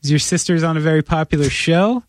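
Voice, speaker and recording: A man co-hosting a podcast in casual chat, animated and playfully persuasive, talking in long run-on pitches. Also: fast talker, no echo, clean studio sound. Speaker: podcast co-host.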